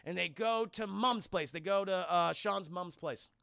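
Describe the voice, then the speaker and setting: A man excitedly recapping a film for his live-stream chat, swearing freely and acting out the characters' lines in shifting voices. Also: high voice, a little slow, gravelly, smooth, no room sound, studio quality. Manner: excitable, profane, keeps addressing chat.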